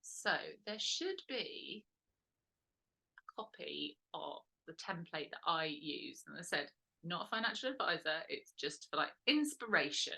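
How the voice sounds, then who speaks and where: A woman leads a casual workshop in a low, bright and forceful voice. She talks in a loose, rambling way, correcting herself and filling pauses with "um". She sounds like a host chatting her way through her teaching points. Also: very animated, gravelly. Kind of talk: casual instructional talk.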